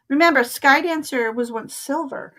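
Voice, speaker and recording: Older woman, stream host, fairly high voice, unhurried, chatty, laughs often. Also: a bit bright. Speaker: tarot reader hosting a live stream. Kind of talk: casual live-stream chat.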